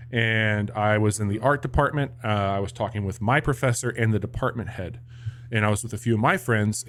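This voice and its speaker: Teasing man telling a college anecdote. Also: lowish voice. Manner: playful, teasing, tells an anecdote at an even pace. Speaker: podcast co-host. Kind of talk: casual chat, telling a story.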